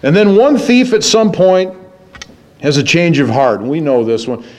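A man with a notably high voice delivers a sermon. He drops low and quiet in reflective passages, then climbs high and emphatic as he presses his point. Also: very animated, normal speed. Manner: dramatic, swings between low musing and high emphatic preaching. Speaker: preacher.

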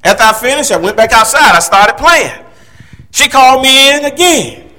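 Animated man in his fifties telling a story. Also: very high-pitched, normal speed. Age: 50s. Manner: animated storyteller, acts out quoted voices. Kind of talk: personal storytelling.

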